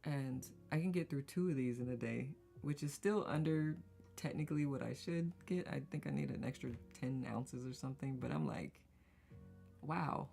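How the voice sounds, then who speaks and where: A chatty woman hosts a casual live stream, reading out comments with frequent laughs and rambling asides. Her voice is gravelly and dark in tone, with soft music playing faintly behind her. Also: rumbling low, normal speed. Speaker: host of a live community circle.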